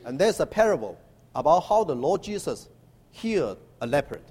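Male preacher, high animated voice, long hall echo. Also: husky. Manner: halting with many uh fillers, emphatic call-and-response. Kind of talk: sermon.

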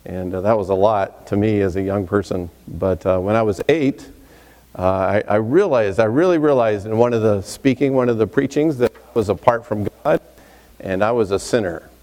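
A man from Texas introducing himself to a congregation as a visiting preacher, relaxed and chatty with many fillers and asides. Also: fairly low pitch, normal speed. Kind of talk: sermon introduction, casual and folksy. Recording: reverberant hall.

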